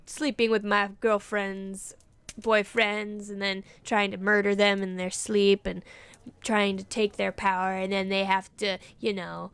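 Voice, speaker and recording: A woman's voice: medium pitch, flat delivery, a little slow, creaky, fairly bright tone, clear, resonant tone. A woman playing a game on her channel, reading the characters aloud with playful, jokey asides. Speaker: gaming YouTuber. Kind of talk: playing and voicing a visual novel.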